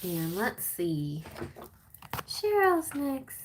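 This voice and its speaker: A woman giving a gentle, soothing live-stream tarot reading. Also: medium pitch, huge pitch swings, very slow, background noise. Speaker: tarot reader.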